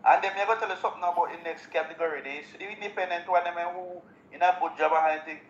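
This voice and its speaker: A Jamaican man hosting a live show, talking in relaxed patois and laughing often. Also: high-pitched, fast talker, muffled recording. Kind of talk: casual chat. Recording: roomy echo, faint background noise.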